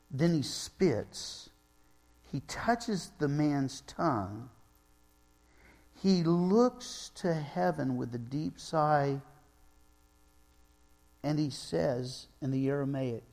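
A man preaching a sermon, retelling scripture in a storytelling way, acting out sighs and quotes and slowing down for emphasis. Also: fairly high pitch, a little mellow. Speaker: pastor.

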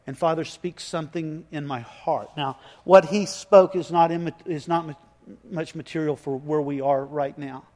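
Older male pastor with a high voice. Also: steady tone, darkish tone, in a large hall. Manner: emotional, halting storyteller. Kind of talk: sermon storytelling.

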